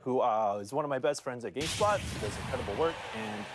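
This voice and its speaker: A man from Southeast San Diego co-hosting a livestream panel, talking earnestly and warmly about his colleagues. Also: medium pitch, expressive, quick pace, background noise. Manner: earnest, heartfelt shout-outs. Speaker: co-host from the gaming outlet. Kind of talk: casual panel chat.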